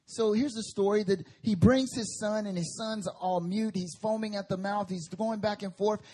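A man preaching a sermon at a church service, telling Bible stories in an animated way with slang and humor. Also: high-pitched, moderate pace. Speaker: guest preacher.

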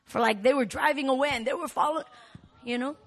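A woman pastor preaching a sermon, animated and rising to shouts in the swells of her message. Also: high-pitched, brisk. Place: church hall.

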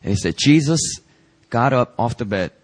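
A man, a pastor, telling a story in a sermon and acting out its dialogue with lively emphasis. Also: mid-range voice, normal speed. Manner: animated, acts out the dialogue in his story. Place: church sanctuary.

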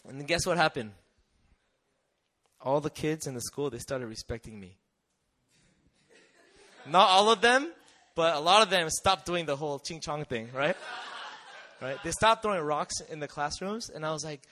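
A young man giving a lively testimony talk, telling a mission story with acted-out voices and frequent laughter. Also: a little high, moderate pace, long pauses. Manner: animated storyteller, acts out voices, laughs often. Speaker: missionary speaker.

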